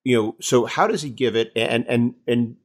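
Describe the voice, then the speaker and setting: A man's voice: medium pitch, moderate pace. A male interviewer asking a long question, rephrasing as he goes.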